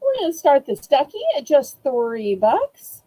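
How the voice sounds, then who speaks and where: A woman's voice: big pitch swings, measured pace, heavy background noise. A woman hosting a live-stream auction from home, talking to viewers on a webcam, fighting back her emotions before she goes back to cheerful selling. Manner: emotional, holding back tears, then cheerful product pitching.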